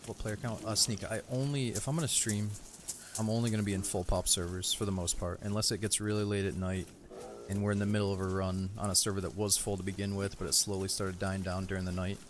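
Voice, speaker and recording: A game streamer, a man with a fairly low voice, talks through his session in a relaxed, rambling way. He thanks viewers and chats with teammates, and a faint hiss sits under his voice. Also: fast talker. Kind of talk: casual live-stream chat while playing.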